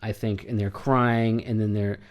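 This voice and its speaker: A man's voice: on the low side, flat delivery, normal speed. A man co-hosting a casual podcast, chatting loosely and acting out silly sketch ideas with quoted voices. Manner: jokey, acts out quoted bits in sketches. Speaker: podcast co-host. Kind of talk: casual chat.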